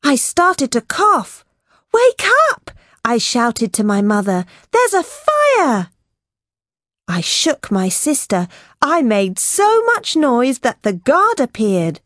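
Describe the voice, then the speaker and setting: A woman narrating a child's story for an English lesson, reading slowly, clearly and expressively into a close studio mic. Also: a little high, big pitch swings, a bit bright, dry recording. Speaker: textbook audio narrator.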